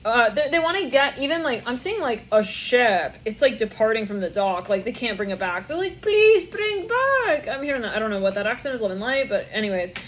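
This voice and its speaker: A young woman with a slightly high voice talks fast and barely pauses while channeling a tarot reading. As the tarot reader, she rambles in a stream of consciousness, swearing and laughing a lot.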